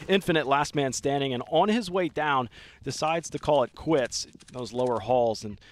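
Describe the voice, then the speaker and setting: A man with a Southern US accent doing excitable live esports commentary. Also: mid-range voice, moderate pace. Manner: excitable, talks over the action.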